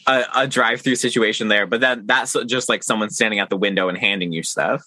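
A man's voice: fairly low pitch, fast talker, pushed and bright, dry recording. A man hosting a casual podcast, rambling with fillers and teasing his guest playfully. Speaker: podcast host.

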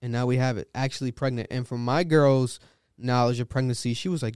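A young man co-hosting a casual music chat, animated and acting out quotes in high voices. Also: brisk, clear, resonant tone, no room sound, clean studio sound. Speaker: podcast co-host.

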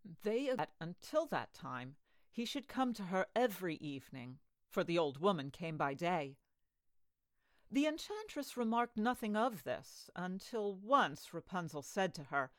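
A woman reading a fairy tale aloud as a storyteller, with an expressive storybook delivery. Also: on the low side, a little slow, no echo.

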